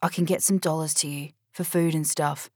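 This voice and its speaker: A woman reading the part of a blunt older sister on the phone, loud and chiding. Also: deep voice, steady tone, normal speed, no echo, clean studio sound. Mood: coaxing. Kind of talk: audiobook character voice.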